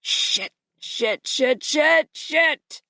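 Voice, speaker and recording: A woman's voice: fairly high pitch, lively intonation, moderate pace, no room sound, studio quality. A woman reading the lines of an injured young man who speaks in pain through clenched teeth. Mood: panicked.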